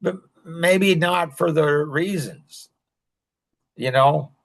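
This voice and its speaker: Male podcast host, slightly high pitch, loose rambling delivery with frequent chuckles. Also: drawn-out words, creaky. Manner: rambling, chuckling, heavy use of "like". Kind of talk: casual podcast chat.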